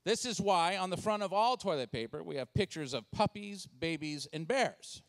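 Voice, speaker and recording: A speaker and comedian in his forties from Washington State gives a comedic church talk, his voice sitting high at a normal speed. He tells stories animatedly and acts out the voices in them.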